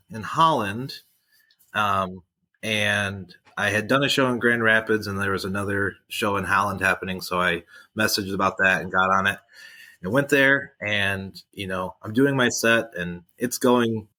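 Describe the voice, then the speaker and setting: A man's voice: on the low side, unhurried, pushed and bright. A man talking as a comedian guest in casual chat, rambling with many fillers.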